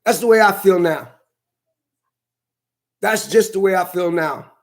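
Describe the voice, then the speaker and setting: High-voiced man ranting angrily. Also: measured pace. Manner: heated, profane, repetitive venting. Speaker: vlogger. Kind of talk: angry ranting monologue.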